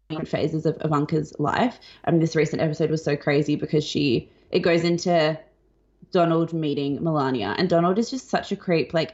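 A young woman co-hosting a podcast, chatting in an animated, wry way. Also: low voice. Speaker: podcast co-host. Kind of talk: casual chat. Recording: dull lo-fi sound.

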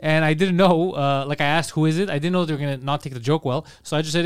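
A man, a comedian, joining in with quick profane banter and telling stories in casual podcast chat. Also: a little high, clear, resonant tone. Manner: quick banter, swearing, jumps in on jokes.

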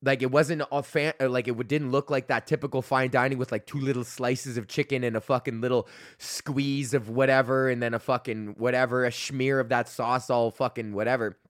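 Hosting his own podcast, a young comedian from Alberta, Canada, rambles about his week, swearing heavily, laughing often and starting sentences over. His mid-range voice is steady and a little fast. The studio sound is clean, with no room sound.

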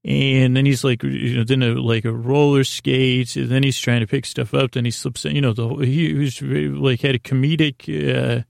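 A man's voice: medium pitch, flat delivery, moderate pace, vocal fry, hardly any pauses, no room sound, clean studio sound. A man hosting a podcast, telling a meandering story in a casual monologue and searching for words as he goes. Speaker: podcast host.

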